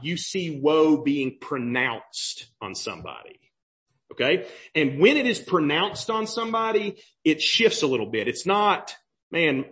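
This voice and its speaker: A young adult pastor preaching a sermon in a conversational way, often checking in with "right?" and "okay?". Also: male voice, medium pitch, a bit bright.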